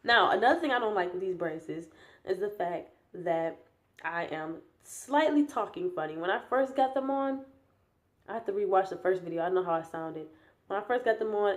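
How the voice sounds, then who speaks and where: A young woman with a slightly low voice chats casually through a vlog update. She sounds tired and rambles with lots of fillers and restarts. Her new braces give her a slight lisp. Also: normal speed. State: tired, yawning. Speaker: vlogger.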